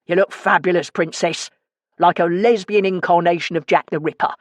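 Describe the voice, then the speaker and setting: Woman playing a loud, theatrical, bossy man; sharp-tongued. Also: high-pitched, steady tone, moderate pace, no room sound, studio quality, close to an everyday voice.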